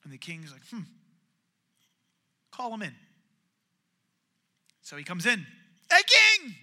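Animated high-voiced male preacher. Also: slow pace. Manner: animated storytelling, acts out characters' voices. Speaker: pastor. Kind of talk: sermon.

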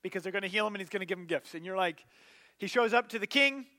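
Bright, high-voiced man preaching casually. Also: fast talker. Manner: casual, animated retelling with filler words. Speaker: pastor. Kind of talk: sermon storytelling.

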